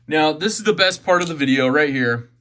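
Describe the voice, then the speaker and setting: A man's voice: a little high, animated, fairly quick, sharp tone. A man giving a chatty, enthusiastic knife unboxing review, often repeating his phrases.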